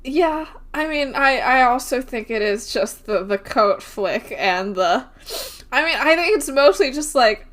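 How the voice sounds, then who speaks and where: A woman's voice: high-pitched, expressive, a little slow, a bit bright. A woman co-hosting a podcast in casual chat, incredulous and emphatic as she mockingly paraphrases dialogue. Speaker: podcast co-host. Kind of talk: casual chat recapping a TV episode.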